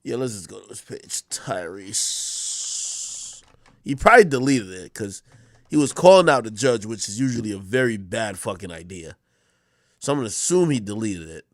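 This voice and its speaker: A man's voice: on the low side, normal speed, no echo, studio quality. A man hosting a live stream, making sarcastic, mocking commentary on clips he plays. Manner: sarcastic, mocking, animated reactions. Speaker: streamer host.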